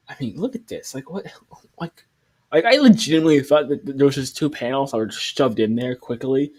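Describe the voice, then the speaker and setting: Husky-voiced man doing rambling reaction commentary. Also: mid-range voice, animated, brisk, a little mellow. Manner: rambling, with many restarts and fillers; incredulous, questioning. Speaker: online comic reaction commentator.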